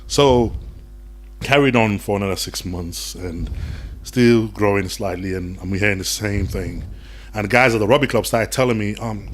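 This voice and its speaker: A man's voice: fairly low pitch, moderate pace, slight background noise. A young man, a podcast guest, telling his story in casual chat and acting out the voices of people he quotes. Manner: animated, acts out quoted voices.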